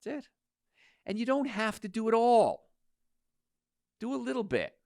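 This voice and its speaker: A man in his sixties hosting a radio health talk show, emphatic and animated, rattling off lists. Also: very high-pitched, unhurried, vocal fry, no room sound, clean studio sound.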